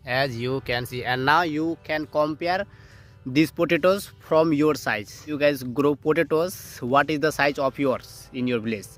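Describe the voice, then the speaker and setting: A man's voice: fairly high pitch, measured pace, faint music behind. A young man vlogging outdoors from his farm fields, narrating in simple, plain learner's English and now and then short of breath. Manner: simple learner's English, repeats "as you can see". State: out of breath at times. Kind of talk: casual vlog narration while farming.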